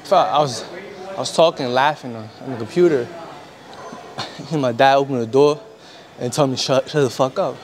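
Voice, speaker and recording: A man's voice: medium pitch, moderate pace, pauses often. A young man chatting casually in a gym between sets, slangy and profane, telling stories with laughs. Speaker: vlogger. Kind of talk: casual workout vlog chat.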